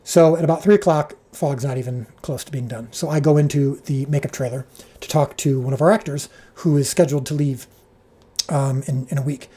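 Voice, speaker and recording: A man who directs a show, telling an animated behind-the-scenes story on a livestream, full of restarts and fillers, his pitch leaping when he quotes people. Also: fairly quick, slightly rough. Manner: frequent restarts and filler words.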